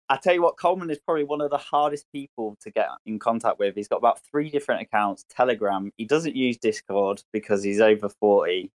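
Friendly low-voiced host man. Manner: friendly, teasing. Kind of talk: casual chat.

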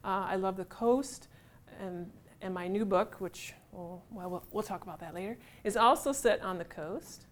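A middle-aged woman author, giving a chatty, animated talk to a live audience in a room. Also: medium pitch, normal speed. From United States. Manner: chatty, animated, self-deprecating humor.

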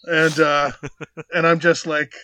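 Taking it slowly in a slightly high voice, this podcast co-host casually tells a funny anecdote. He's animated, acts out quotes, and swears freely throughout the chat.

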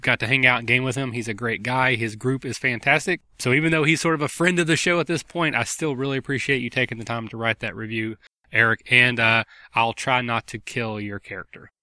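A man's voice: medium pitch, steady tone, a little fast, bright, forceful tone, no room sound. A man hosting a gaming podcast, chatting in a friendly, rambling way with lots of fillers. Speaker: podcast host. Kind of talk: casual podcast chat.

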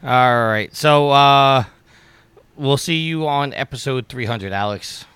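A man's voice: medium pitch, takes it slowly, fairly bright tone, smooth, dry recording. A man hosting a podcast in casual, upbeat chat, steering the conversation. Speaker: podcast host.

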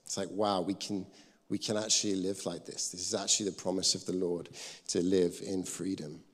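Guy giving a sermon, storytelling, bit low voice, long church echo. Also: moderate pace. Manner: storytelling, animated when acting out scenes, soft when quoting the Lord. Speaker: preacher. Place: church hall. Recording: long reverb of a church hall.

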